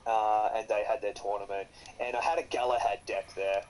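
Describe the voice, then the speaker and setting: An Australian man telling stories in casual chat, animated and swearing freely. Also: on the low side, fairly quick, a little hiss or hum, poor audio.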